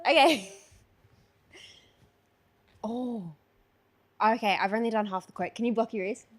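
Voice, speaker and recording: A woman's voice: fairly high pitch, husky. A young woman in her twenties with an Australian accent, co-hosting a casual podcast and laughing often. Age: 20s. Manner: giggly, quick to laugh. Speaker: podcast co-host. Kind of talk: casual chat.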